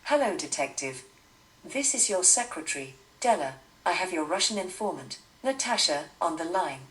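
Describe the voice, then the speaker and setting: Brisk female secretary announcing a call, voiced by a man, high and a bit distant. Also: big pitch swings, fairly bright tone. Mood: businesslike.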